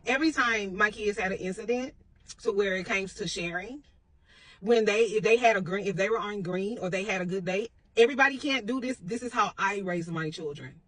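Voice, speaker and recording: A woman's voice: medium pitch, fairly quick, a bit bright, no echo. A woman telling a personal parenting story in a casual, blunt, rambling way, with some profanity. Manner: rambling with restarts; confident.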